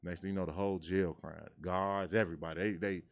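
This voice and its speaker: A man from Chicago in his thirties, telling stories in casual chat and acting out quotes in a high voice. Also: fast. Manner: animated storyteller, acts out quotes in a high voice. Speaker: guest.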